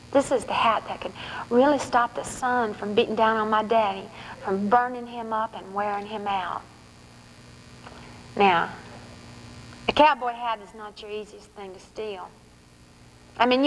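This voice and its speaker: A woman reads a first-person story aloud from her own book, with a lively, sly storyteller's delivery. Her voice sits at a middle pitch. A faint hiss runs underneath the recording. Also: low-quality recording. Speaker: author reading her novel at a forum.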